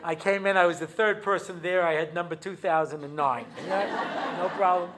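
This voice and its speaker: A man's voice: high-pitched, normal speed, a crowd in the background, noisy background. An American man lectures an audience as a rabbi and spins funny stories from his own life. He talks in a loose, chatty way, full of asides and small fillers, and drops into Hebrew phrases when he acts out a scene. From United States. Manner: chatty storytelling, many asides and fillers, jokes, switches into Hebrew. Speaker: rabbi giving a talk. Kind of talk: humorous lecture with acted-out anecdotes. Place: talk given to an audience.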